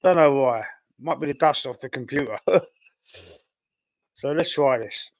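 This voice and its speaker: A man's voice: medium pitch, measured pace, no room sound. A man with a Cockney accent, chatting casually on a football fan stream, rambling and thinking aloud with lots of fillers while fighting a cough. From London, England. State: coughing, a bit choked. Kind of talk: casual live-stream chat, reading viewer comments.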